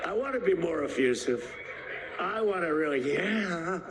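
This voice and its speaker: A man's voice: high-pitched, normal speed, background noise. A man giving a rambling off-the-cuff speech as president, emphatic and repetitive, acting out stories. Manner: animated storyteller acting out quotes.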